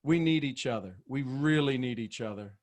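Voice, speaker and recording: A man hosting a leadership video call, joking, animated and preacher-like. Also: medium pitch, moderate pace. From Texas, USA. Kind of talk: motivational talk on a group call.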